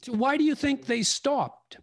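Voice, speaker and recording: A man's voice: very high-pitched, a little slow, no room sound. A man hosting a podcast, speaking earnestly and restating his guest's point in his own words. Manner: earnest, paraphrasing the guest's point back to him. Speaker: podcast host. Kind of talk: podcast conversation.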